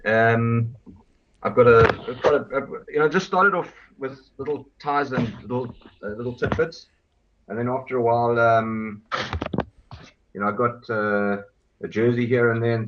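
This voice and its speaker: A man's voice: mid-range voice, steady tone, moderate pace, background noise. Hesitant man on a lo-fi video call. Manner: hesitant, many fillers and restarts. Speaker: guest, former rugby referee. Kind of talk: casual interview over video call. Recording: dull lo-fi video call audio.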